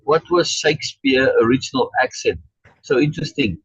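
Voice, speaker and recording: A man's voice: medium pitch, moderate pace, slightly rough, no echo, muffled recording. A man leading an online Shakespeare reading group and explaining in casual chat, restarting often and checking in with "right?" as he reads out chat comments. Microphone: video call.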